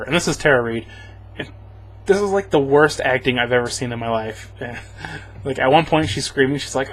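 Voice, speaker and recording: A man's voice: medium pitch, normal speed, gravelly, rough recording. A man casually recapping a movie for a review, rambling and sarcastic, chuckling often.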